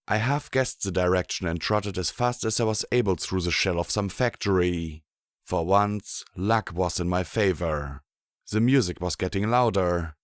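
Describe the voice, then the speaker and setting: A man narrating a first-person audiobook in an expressive storytelling manner. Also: sits low, no room sound, clean studio sound.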